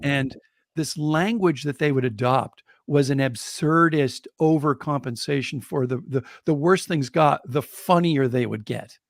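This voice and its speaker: A man's voice: medium pitch, measured pace, no room sound, studio quality. A man co-hosting a podcast, telling a reflective personal story in a conversational way. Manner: reflective, animated when quoting others.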